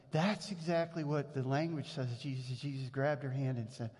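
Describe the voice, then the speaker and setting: A man's voice: mid-range voice, a little fast, hardly any pauses, darkish tone, husky. A man preaching a sermon as pastor, earnest and conversational, with frequent restarts. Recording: long hall reverb.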